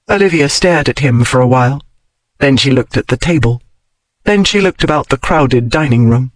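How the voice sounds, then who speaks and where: A man narrating a historical romance audiobook in an expressive storytelling manner. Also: mid-range voice, normal speed, dry recording, low-quality recording. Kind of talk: scripted narration.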